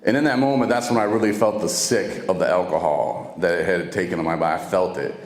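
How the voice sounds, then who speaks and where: A man's voice: deep voice, fast talker. A man casually telling his own recovery story, speaking conversationally and acting out what other people said to him. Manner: casual, conversational, acts out quoted dialogue. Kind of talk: personal storytelling to camera. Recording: echoey room with long reverb and faint music.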